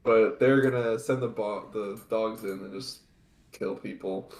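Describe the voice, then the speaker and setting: A man with a fairly low voice co-hosting a casual anime podcast, heard in a noticeably echoey room. He walks through the plot in long, rambling run-ons strung together with "and so". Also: fairly even intonation, measured pace, darkish tone. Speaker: podcast co-host.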